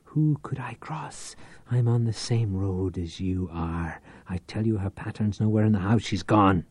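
Brief: man reads a nervous, whining accomplice in an audiobook; hushed and jittery, dry close sound. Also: low voice, moderate pace, slightly rough, no echo. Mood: defensive. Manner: whispered, whining.

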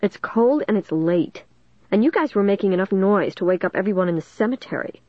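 A woman's voice: lowish voice, brisk, no room sound, close to an everyday voice. A woman reading the part of a snooty, impatient teenage girl with a pushy manner. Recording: dull dry lo-fi recording.

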